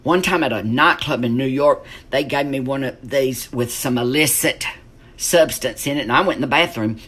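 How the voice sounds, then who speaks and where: At home during lockdown, a vlogger tells campy, chatty stories to the camera and swears freely. His voice is medium-pitched and fairly bright, and he speaks at a normal speed.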